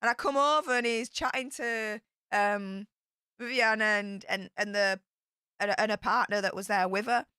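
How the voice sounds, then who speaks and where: A young woman chatting excitedly on her livestream, telling travel stories in a chatty, excitable way. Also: mid-range voice, normal speed, smooth, no echo, clean studio sound. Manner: chatty and excitable, with bursts of squealing. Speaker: YouTube streamer. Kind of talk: casual livestream storytelling.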